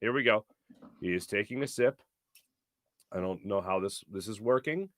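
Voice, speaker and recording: A man's voice: fairly low pitch, normal speed, fairly bright tone, no room sound, clean studio sound. A man hosting a sports talk show, chatting casually and playfully, laughing often.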